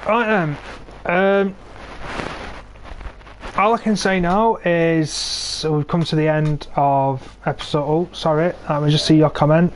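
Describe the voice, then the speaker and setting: A young English man in his twenties, pitched a little higher than most men, talks through a tank match he is streaming. He grumbles and mocks careless teammates in a sarcastic running commentary. His cheap gaming mic picks up a faint hiss of background noise. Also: fairly even intonation, unhurried. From England. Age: 20s. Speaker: game streamer. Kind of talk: live gameplay commentary.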